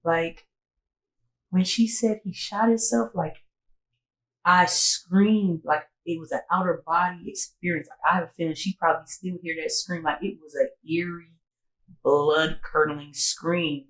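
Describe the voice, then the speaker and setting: A woman's voice: sits low, measured pace, reverberant, poor audio. A woman telling a personal story on a casual podcast. She talks loosely and animatedly, full of "like" and "I was like," and acts out what others said. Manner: animated storytelling, acting out quoted dialogue, frequent "like"; sobering, emotional retelling. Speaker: podcast co-host.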